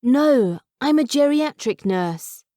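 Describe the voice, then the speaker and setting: A woman's voice: sits high, expressive, slow, warm tone, no room sound, clean studio sound, voice pushed up. A woman reading the lines of a tired young nurse, plain and direct, in an audiobook.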